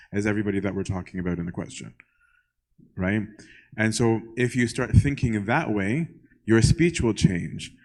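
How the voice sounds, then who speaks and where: A man's voice: fairly low pitch, a little mellow, low-quality recording. A young male priest answering questions in a casual, conversational way, often checking in with "right?" and acting out little exchanges. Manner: conversational, keeps asking "right?" and acts out little dialogues. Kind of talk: casual Q&A talk to a congregation.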